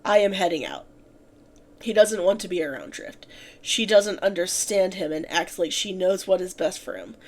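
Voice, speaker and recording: A woman's voice: on the low side, moderate pace. A woman reading her own fanfiction aloud on a stream, narrating plainly with slips and restarts.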